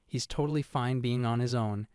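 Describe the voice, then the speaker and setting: Guy doing a casual comic recap voiceover, steady mid pitch, dry booth sound. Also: normal speed, clear, resonant tone, no room sound. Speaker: recap narrator. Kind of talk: scripted story recap narration.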